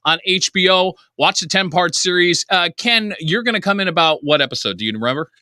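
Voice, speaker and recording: A bright-voiced man with a New Jersey accent hosts a casual interview podcast. He talks in a chatty, animated way and laughs easily. His voice sounds dry and close to the mic. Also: sits high, fairly quick, no echo. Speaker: podcast host.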